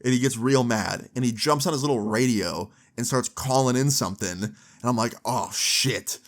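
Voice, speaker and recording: A young man recounting a story to camera in a loose, casual way. He swears freely and fills his sentences with "like" and "right?". His voice sits at an ordinary middle pitch. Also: a little fast. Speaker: storytime vlogger.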